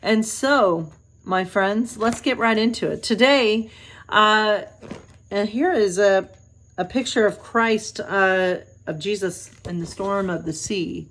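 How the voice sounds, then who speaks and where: A woman's voice: mid-range voice, slow pace, a bit bright, a little hiss or hum. A woman pastor reading bedtime stories aloud, with chatty, self-deprecating asides.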